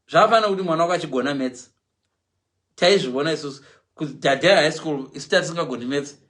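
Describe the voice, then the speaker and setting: A middle-aged man from Zimbabwe with a Zimbabwean English accent, telling comic stories on a livestream in an animated way, mimicking other people's voices and laughing along. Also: on the high side. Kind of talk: animated comic storytelling, switching between Shona and English.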